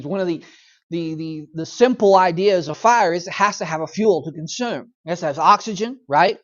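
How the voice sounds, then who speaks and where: A man's voice: sits high, dull audio. A male pastor leading a Bible study in church, talking conversationally, often checking in with "okay?" and briefly acting out voices. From United States.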